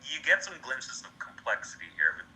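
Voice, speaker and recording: A man's voice: medium pitch, wildly swooping pitch, fairly quick, pushed and bright, slight background noise, rough recording. A man in a casual book chat, analyzing a character thoughtfully with hesitant phrasing. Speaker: podcast co-host.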